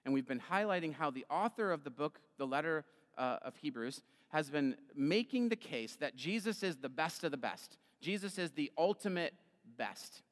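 Casual pastor with hall reverb. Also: male voice, a little high, expressive, moderate pace. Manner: casual, conversational, with filler words. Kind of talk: Easter sermon. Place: church sanctuary.

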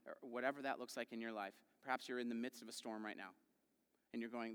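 A man preaching a sermon in a conversational way, asking the congregation questions and acting out quoted voices with big swings in loudness. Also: mid-range voice, fairly even intonation, quick pace, clear, resonant tone. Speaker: pastor. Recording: long hall reverb.

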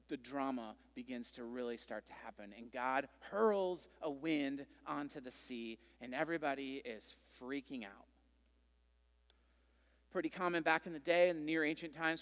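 A man preaching a sermon, telling a Bible story with animated, conversational delivery and playful acted-out voices. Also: a little high, long reverb tail. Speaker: pastor.

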